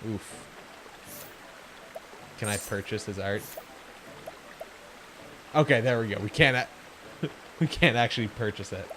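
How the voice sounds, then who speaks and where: A man's voice: on the low side, takes it slowly, long pauses, background noise. A man giving chatty, joking commentary while streaming a game. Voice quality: chatty, joking, self-deprecating. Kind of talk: casual gameplay commentary.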